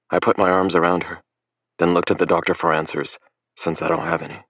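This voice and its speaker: Deep-voiced male narrator, measured first-person read, dry close recording. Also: flat delivery, fairly bright tone, no room sound. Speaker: audiobook narrator.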